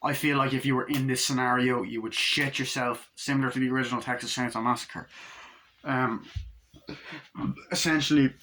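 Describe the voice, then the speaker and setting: A man giving a casual movie review, excitedly retelling scenes with plenty of swearing. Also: medium pitch, normal speed, a little hiss or hum.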